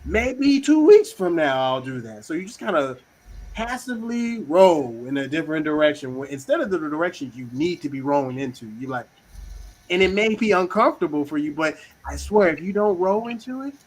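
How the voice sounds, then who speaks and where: A man hosting a casual talk on communication styles, slangy and animated, acting out little quoted voices. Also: fairly high pitch, brisk, slightly rough, poor audio. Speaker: host.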